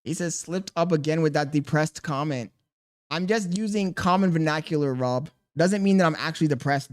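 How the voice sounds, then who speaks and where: A man's voice: a little high, moderate pace. Exasperated young male streamer. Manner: exasperated, talks to chat and his baby. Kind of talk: casual livestream chat.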